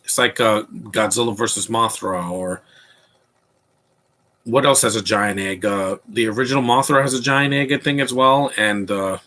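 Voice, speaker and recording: A man's voice: on the low side, normal speed, sharp tone. A man hosting a casual movie commentary podcast, talking in an opinionated, rambling way with frequent restarts.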